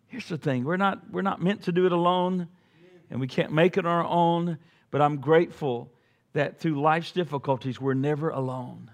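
A man's voice: on the high side, brisk. Middle-aged male pastor preaching with rising fervor. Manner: conversational preaching that swells to loud emphatic peaks, with joking asides. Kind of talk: sermon. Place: church sanctuary before a congregation.

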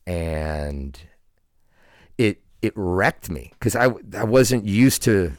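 A man in his forties speaks in a very low, deep voice, earnest and reflective as he tells a personal story on a podcast. He restarts often and leans on casual fillers. The sound is dry and close. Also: animated, drawn-out words, no room sound. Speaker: podcast guest.

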